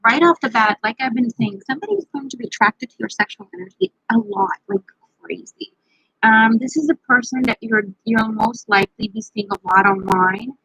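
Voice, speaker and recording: A woman running a live tarot reading, talking to viewers by name in a loose, playful way. Her voice is bright and a little breathy. The sound is dry and somewhat dull, like a lo-fi stream. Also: fairly high pitch, dry recording. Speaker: tarot reader.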